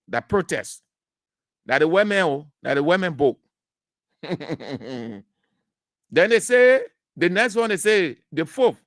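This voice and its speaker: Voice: mid-range voice, sing-song, slow, long pauses, no room sound, clean studio sound. A radio talk show host, giving opinionated commentary in a lecturing, emphatic way, repeating key phrases and asking rhetorical questions. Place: radio studio.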